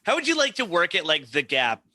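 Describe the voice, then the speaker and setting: A man's voice: fairly high pitch, huge pitch swings, brisk, pushed and bright, no room sound. A man co-hosting a casual comedy podcast, telling stories with lots of swearing and laughter, acting out quotes. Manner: profane, laughing, storytelling with acted-out quotes. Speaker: podcast co-host.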